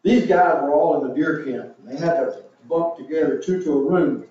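A man's voice: on the high side, moderate pace, dark tone, slight background noise. A man preaching a sermon as pastor, telling jokes with the congregation laughing, then reading scripture aloud. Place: church sanctuary. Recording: echoey church room, distant mic, dull sound.

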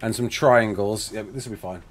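A man's voice: lowish voice, fairly quick. A young man live-streaming a building game, chatting casually, reading out chat messages and talking himself through each step.

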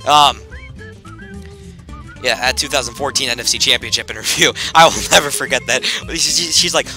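A young man in his teens giving rambling, excitable gameplay commentary with sudden shouts, as host of his gaming videos. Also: mid-range voice, normal speed, soft background music.

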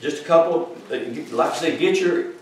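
A man's voice: on the high side, lively intonation, moderate pace, slight background noise. Preacher man, very echoey and distant. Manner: emphatic, questions the congregation directly. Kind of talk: Bible-teaching sermon. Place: congregation room. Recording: very echoey room from far off.

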